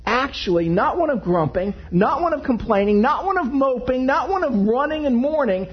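Male pastor giving a sermon, high lively voice, bit husky, dull lo-fi sound. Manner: animated, jokey asides to the congregation. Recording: dull lo-fi recording.

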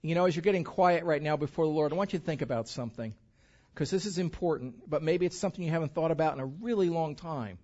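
A man's voice: a little high, fast talker, a little mellow. Man preaching with rising emphasis, lo-fi. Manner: conversational preaching, rising emphasis on key words. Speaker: pastor. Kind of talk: sermon. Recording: dull lo-fi recording.

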